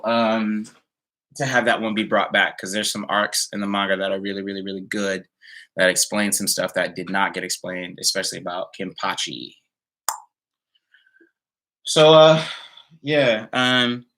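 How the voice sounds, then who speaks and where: Guy live streaming from home, bright voice, rambly with lots of ums, kinda tired. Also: medium pitch. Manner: relaxed, rambling, with many fillers and laughs. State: a little tired. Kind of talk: casual live-stream chat. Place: indoors at home.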